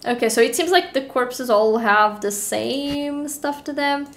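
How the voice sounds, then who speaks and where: A young woman streaming a horror game, reading the text aloud with animated, giggly reactions between stretches of calm narration. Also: high-pitched, a little slow, slight background noise. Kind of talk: reading a horror visual novel aloud while playing.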